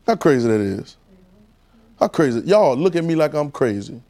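A man's voice: on the high side, big pitch swings, moderate pace, dark tone, a little hiss or hum. A man with a Southern US accent preaching a sermon in a casual, coaxing call-and-response style.

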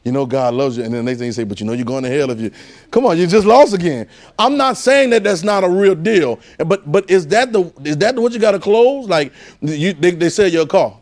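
A man preaching a conversational sermon, animated and repetitive, firing rhetorical questions at his congregation. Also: high voice, brisk.

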